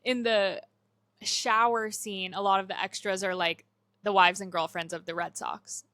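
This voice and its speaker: Young woman, podcast cohost, bright voice, animated retelling, casual chat, dry close sound. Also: medium pitch, moderate pace, no echo. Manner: animated retelling, acts out movie lines.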